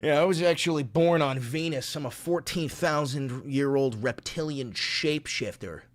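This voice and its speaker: A man's voice: fairly high pitch, moderate pace. A man hosting a casual livestream, reading viewer comments and joking and swearing between bits of silly voices. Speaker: livestream host.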